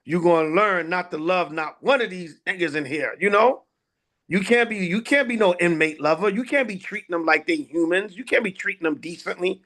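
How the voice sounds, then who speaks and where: A man's voice: high-pitched, a little fast, a bit bright. A man, an elder leading a class, telling stories in a casual way with many fillers and voiced dialogue.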